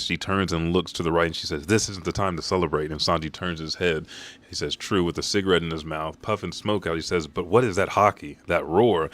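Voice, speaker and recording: A man's voice: low-pitched, fairly bright tone. A man hosting a live stream, casually narrating a comic chapter panel by panel with profanity. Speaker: manga reaction host.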